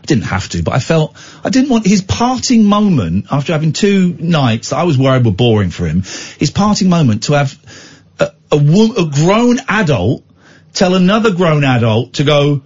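Animated British man hosting radio chat. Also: fairly high pitch, moderate pace, breathy edge. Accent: British English. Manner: animated storytelling, imitating others, exclaiming. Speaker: radio show host. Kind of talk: casual on-air chat. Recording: dull lo-fi radio sound.

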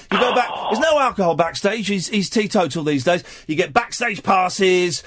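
A male radio host rambles through a playful comic story and throws in silly voices along the way. His voice sits high and swings up and down a lot. The studio mic sounds close and dry. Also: lively intonation, normal speed, hardly any pauses, a bit bright, no room sound. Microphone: studio microphone.

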